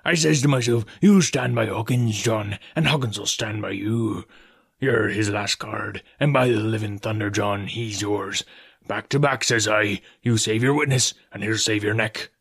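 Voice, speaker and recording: A man voicing a cunning old male pirate cook, speaking in a slow, low, confiding drawl. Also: gravelly, a bit bright, slightly rough, heavily acted. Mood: scheming.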